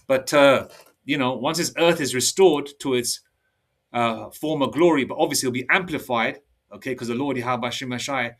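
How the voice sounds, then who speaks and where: Casting note: man in his fifties, heated street-preacher monologue, mid-pitched, laptop mic set back. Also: normal speed, distant mic. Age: 50s. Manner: forceful, repetitive, ends phrases with "all right?". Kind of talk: heated sermon-style monologue.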